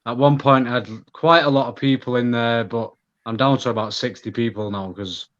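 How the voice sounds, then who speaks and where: A man with a Manchester accent rambles candidly through a casual interview, trailing off and restarting his sentences. His voice sits at an ordinary pitch. The audio comes through dull and lo-fi. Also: steady tone, moderate pace, fairly bright tone. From Manchester, England. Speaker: guest. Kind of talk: casual chat.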